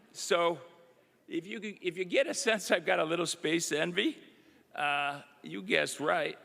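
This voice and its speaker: Gravelly, bright-voiced man speaking in a hall. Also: mid-range voice. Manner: folksy, chatty storytelling with frequent "you know" and "uh". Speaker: government undersecretary giving remarks. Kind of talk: public speech with anecdotes. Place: university event hall. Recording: long reverb of an event hall.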